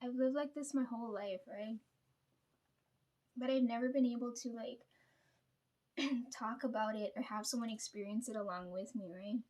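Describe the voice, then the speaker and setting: Hushed, rambling young woman, fairly high voice. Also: moderate pace, long pauses. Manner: rambling and hushed, often clearing her throat, tags lines with "right?". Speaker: vlogger. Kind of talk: hushed confessional monologue to the camera. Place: at home at night, parents downstairs.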